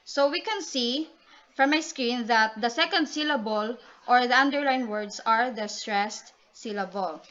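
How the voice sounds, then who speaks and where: Woman reporter explaining poetry to her class, a bit high, dull lo-fi audio. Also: unhurried, pushed and bright. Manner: explanatory, calls on classmates by name. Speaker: student reporter. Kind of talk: class presentation. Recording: dull lo-fi recording.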